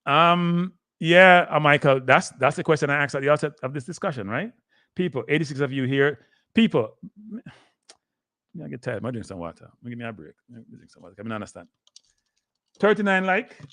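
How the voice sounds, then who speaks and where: A man's voice: a little high, expressive, brisk, bright, forceful tone, no room sound. An older man with a Jamaican accent hosting a rambling live sports talk stream, slipping into patois and talking straight to his viewers. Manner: rambling, slips into patois, keeps addressing "people".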